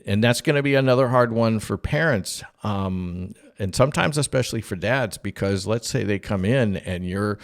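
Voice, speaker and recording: A man's voice: fairly low pitch, moderate pace, few pauses. A man co-hosting a parenting podcast, chatting casually and retelling a sitcom scene, acting out the characters' lines. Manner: animated storyteller, acts out quoted lines with a raised voice. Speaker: podcast co-host.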